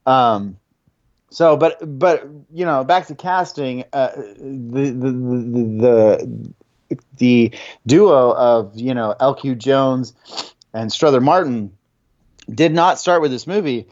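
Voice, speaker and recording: A man's voice: medium pitch, slow, darkish tone, no room sound. Male podcast host, rambling storyteller, dry muffled mic sound. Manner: anecdotal, many restarts and fillers. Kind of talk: casual film chat.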